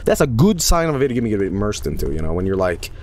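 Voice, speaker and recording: A man from Sweden streaming a horror game, commenting casually, swearing and yelling at what happens on screen. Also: fairly low pitch, rapid-fire, noisy background. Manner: excitable, profane, yells and laughs at the game. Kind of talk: live gameplay commentary.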